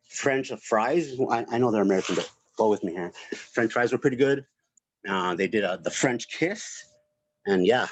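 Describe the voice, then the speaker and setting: A man's voice: mid-range voice, slightly rough, dry recording. A man performing a stand-up comedy set from home, rambling with many fillers and breaking into laughter. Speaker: open mic comedian. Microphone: home livestream mic. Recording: dull, dry, lo-fi stream audio.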